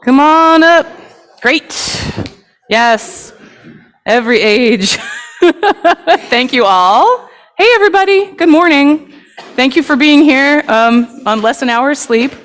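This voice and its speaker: Woman telling the kids' story at service, kinda high voice, upbeat and chatty, big church reverb. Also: slow pace, pauses often. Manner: lively, chatty and inviting. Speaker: worship leader. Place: congregation sanctuary. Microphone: microphone.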